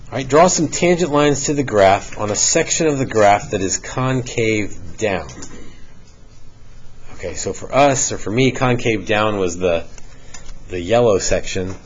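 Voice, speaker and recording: A middle-aged man teaching a calculus lesson in a classroom, explaining step by step with relaxed joking asides to students. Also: on the low side, measured pace. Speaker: math teacher. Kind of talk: classroom lecture. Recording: dull lo-fi classroom recording with faint hiss.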